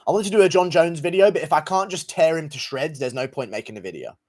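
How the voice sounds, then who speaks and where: A man's voice: on the high side, expressive, quick pace, a little mellow. A young man livestreaming, reading out donations in crude, profane, mocking banter. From England. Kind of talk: casual live-stream chat.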